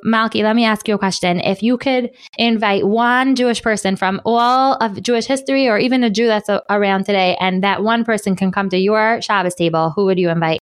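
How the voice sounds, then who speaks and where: A young adult woman hosts a panel interview with children, sounding enthusiastic and encouraging and often slipping in Yiddish and Hebrew words. Her voice is medium in pitch and clean in tone, and she talks fairly quickly with few pauses.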